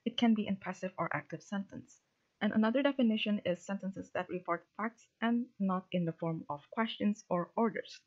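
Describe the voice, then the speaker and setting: A woman presenting linguistics research, reading a prepared academic talk in a steady, formal way with a few fillers. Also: medium pitch, moderate pace. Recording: dull lo-fi recording.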